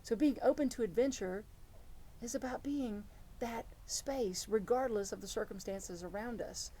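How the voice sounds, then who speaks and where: A middle-aged woman preaching a sermon as reverend, telling stories in an earnest, animated way. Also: on the high side, normal speed, slight background noise. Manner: storytelling, earnest and animated, with many restarts.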